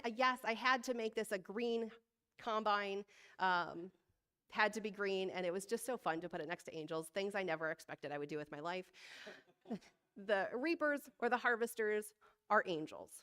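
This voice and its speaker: Woman service leader preaching in a relaxed, chatty way, quick to laugh at herself, measured when reading scripture. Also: mid-range voice. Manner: conversational, self-deprecating, laughs often. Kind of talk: sermon.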